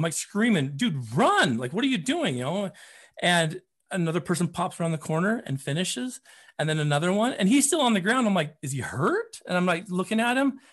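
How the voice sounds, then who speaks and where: A man, a running coach, telling stories as a podcast guest in an animated way, often repeating words as he gets excited. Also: sits high. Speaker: running coach and program founder.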